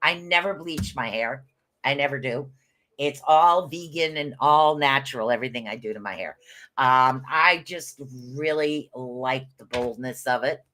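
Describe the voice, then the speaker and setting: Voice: mid-range voice, unhurried, bright, forceful tone. A host doing rune readings on a live stream, chatting loosely, rambling, and calling out viewers by name.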